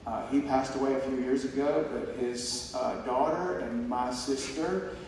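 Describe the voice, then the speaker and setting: A man's voice: medium pitch, steady tone, measured pace, background noise. A man giving a heartfelt, rambling acceptance speech on stage, full of restarts and quoted conversations. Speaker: award honoree giving a speech. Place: large hall on stage. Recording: echoey hall recorded from far off.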